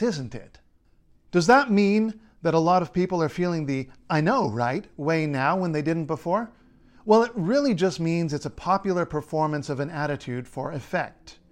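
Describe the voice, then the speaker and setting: Man explaining in a higher voice. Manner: measured, playful explaining. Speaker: linguist and writer. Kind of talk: scripted explainer narration.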